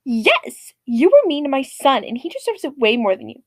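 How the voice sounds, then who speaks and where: A woman playing a rude, entitled mother who talks down to others in a sharp, condescending way. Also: high-pitched, wildly swooping pitch, normal speed, no room sound. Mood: haughty.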